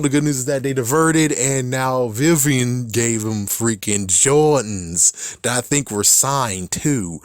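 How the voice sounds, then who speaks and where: A man's voice: mid-range voice, no room sound, studio quality. Exasperated man swearing through a recap. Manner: profane, exasperated, laughs often. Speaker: show recap commentator. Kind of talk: casual recap rant.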